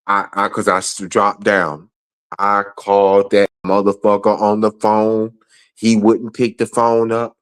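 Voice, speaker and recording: A man angrily ranting on a livestream, profane and repeating himself. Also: lowish voice. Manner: angry, profane, repetitive. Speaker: guest. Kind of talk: heated livestream rant.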